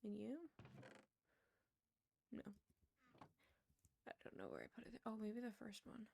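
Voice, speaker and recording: A woman's voice: medium pitch, huge pitch swings, measured pace, vocal fry, darkish tone. A woman streamer chatting casually while she plays, rambling and laughing often. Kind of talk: casual chat while gaming. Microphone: wired earbuds with a headset mic.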